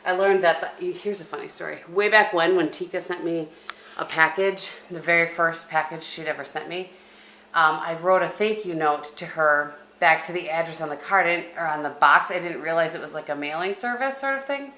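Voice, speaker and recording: A woman's voice: on the low side, moderate pace, bright, forceful tone. A middle-aged woman vlogging at home, chatting casually to camera in a rambling way with many restarts. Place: at home indoors. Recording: echoey room with faint background hum.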